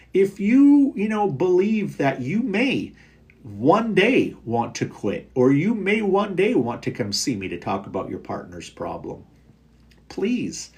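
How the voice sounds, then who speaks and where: A man's voice: medium pitch, creaky. A middle-aged man, a recovery coach, chatting casually and frankly on a live stream, reading and answering viewer comments with many fillers.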